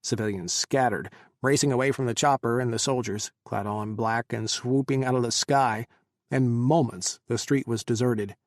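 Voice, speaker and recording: A man reading an audiobook in measured, dramatic storytelling narration. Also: mid-range voice, steady tone, no room sound, studio quality.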